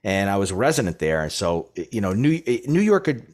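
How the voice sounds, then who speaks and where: Low-voiced man, halting and reflective. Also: very animated, a little mellow. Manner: halting, restarts often, reflective. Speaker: podcast host. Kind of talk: casual interview chat.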